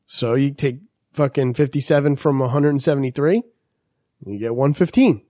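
A man's voice: mid-range voice, moderate pace, warm tone, no echo, studio quality. A man telling rambling, profane stories in casual chat as a podcast host.

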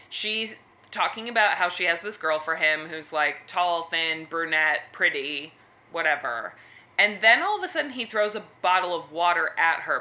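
Woman podcast cohost, chatty recap, bright voice, a bit low. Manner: chatty, lively storytelling. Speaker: podcast co-host. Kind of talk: casual recap chat.

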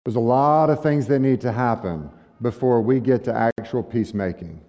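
A man's voice: medium pitch, normal speed, dark tone. Male pastor, conversational sermon, long echo in a large hall, dull lo-fi sound. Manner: conversational preaching with rhetorical questions to the congregation.

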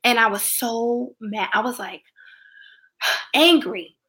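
A woman's voice: on the high side, slow, bright, forceful tone. A woman in her forties, a musical theater performer recovering from throat surgery, telling her story in a candid, reflective way. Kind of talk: casual conversation.

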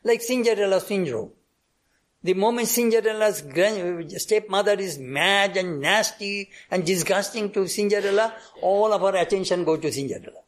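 High-voiced man telling devotional stories. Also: normal speed. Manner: anecdotal, acts out dialogue, frequent restarts. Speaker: spiritual speaker. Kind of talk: devotional storytelling talk.

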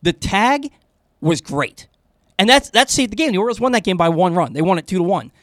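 A man with a high voice talks sports on the radio in a lively, excitable rush, stumbling and repeating words as he goes. The studio sound is close and dry. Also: brisk, no echo. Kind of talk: casual sports talk.

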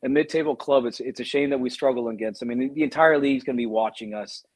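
A man, co-hosting a podcast, giving steady, opinionated football analysis in casual chat. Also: mid-range voice, fast, dry recording. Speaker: podcast co-host.

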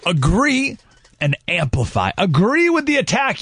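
A man's voice: high-pitched, huge pitch swings, moderate pace, gravelly, a bit bright, breathy edge, no echo, studio quality. A man hosting a talk radio show, giving emphatic commentary full of rhetorical questions.

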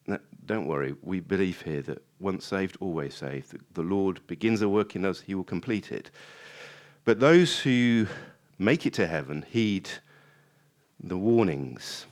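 A man preaching a sermon in a conversational way, acting out prayers with rising emphasis. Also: measured pace. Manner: animated, rising high when acting out prayers; conversational with restarts and asides.

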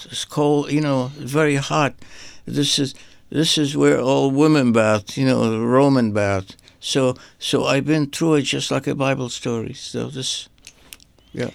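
An older man speaks with a gravelly, rough edge and a flat, even delivery. He recalls his life in a halting, meandering way, often repeating a word before moving on. The recording is dry and close. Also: on the high side, no room sound. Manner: halting, repeats words while searching for them. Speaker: artist guest. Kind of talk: rambling personal reminiscence.

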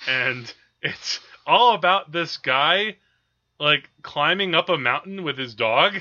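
Chatty, bright-voiced male podcast host. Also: fairly high pitch, animated, takes it slowly, muffled recording. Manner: chatty, laughs often, hesitant fillers. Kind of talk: casual chat about films.

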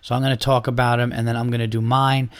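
Man, podcast host, casual storytelling, swears, mid-pitched voice, dry close sound. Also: fast, no room sound. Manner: animated storyteller, acts out quotes, swears. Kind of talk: casual chat.

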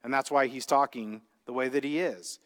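In a church sanctuary with long hall reverb, a male pastor delivers a conversational sermon, posing rhetorical questions to the congregation. His voice is mid-range and fairly bright, at normal speed.

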